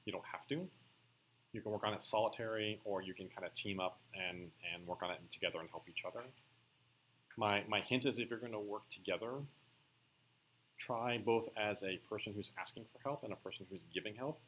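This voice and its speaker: A man teaching a coding class in a relaxed lecture, often checking with his students that they follow. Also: fairly low pitch, brisk, a little hiss or hum, rough recording. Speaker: coding instructor.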